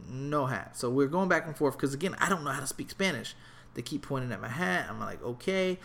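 A young adult man telling a comedic travel story in a casual, animated, profane and rambling way. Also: fairly high pitch, fast, creaky.

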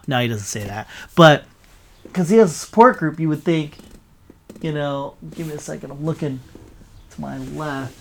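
A man giving a breathless, casual recap of a film's climax. He swears freely, rambles, and keeps stopping to correct names and restart sentences. His excitement carries the whole story. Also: a little high, normal speed, vocal fry. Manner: frequent self-corrections and fillers. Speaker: vlogger.

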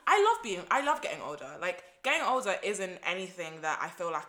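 A woman, co-hosting a casual chat podcast, lively and laughing often. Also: on the low side, brisk. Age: 20s. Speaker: podcast co-host.

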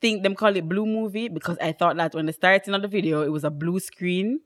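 A young woman, co-hosting a casual chat podcast and telling stories in an animated way, laughing often. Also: fairly low pitch, brisk. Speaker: podcast co-host.

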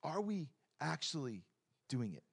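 A middle-aged man preaching a lively, joking sermon in a church, swinging between loud points and quiet asides. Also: fairly high pitch, unhurried, creaky, husky. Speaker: pastor.

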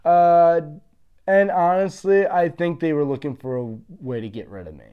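A man's voice: fairly high pitch, moderate pace, clean tone, muffled recording. A man in his early thirties, a former fighter being interviewed, telling his story in a blunt, confident, boastful way. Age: 30s.

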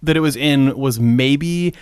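A man's voice: medium pitch, unhurried, clean tone, no echo, studio quality. A man co-hosting a podcast in casual chat, joking in a mock-conspiratorial way. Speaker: podcast co-host.

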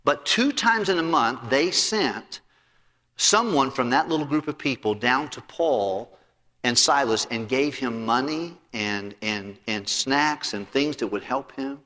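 A preacher telling a sermon story with lively storytelling and frequent restarts. His voice is bright and forceful, with a middle pitch, and it carries a long hall reverb. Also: a little slow.

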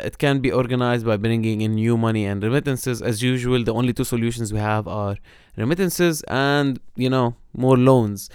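A man's voice: mid-range voice, smooth, no room sound, clean studio sound. A man from Lebanon co-hosting a podcast, explaining economic news critically with many restarts. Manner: explanatory, critical, with frequent restarts and "you know". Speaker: podcast co-host. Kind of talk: casual political-economy discussion.

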